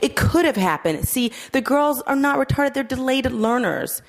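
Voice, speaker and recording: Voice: medium pitch, lively intonation, a little fast, pitched above the performer's own voice, natural voice. A reader voicing a cheerful, syrupy woman troop leader who talks in a lilting, sing-song instructional way. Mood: soothing.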